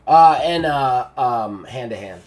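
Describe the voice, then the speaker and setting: Animated man running a tabletop game. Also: mid-range voice, takes it slowly. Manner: casual, swears, laughs easily. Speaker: game master.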